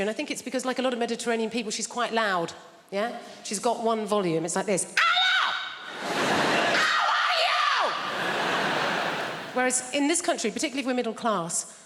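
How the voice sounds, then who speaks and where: A woman from England doing a stand-up comedy set on a theatre stage, wry, self-mocking and conversational. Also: fairly high pitch. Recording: live theatre hall with loud audience noise.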